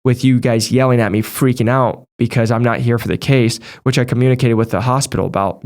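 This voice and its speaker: A man coaching new sales reps in a brisk, direct way. He talks fast and stays conversational, speaking straight to his viewers at a medium pitch. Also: fairly even intonation, a little mellow. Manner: direct, conversational, talks through past situations. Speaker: medical device sales trainer. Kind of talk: casual advice talk to viewers.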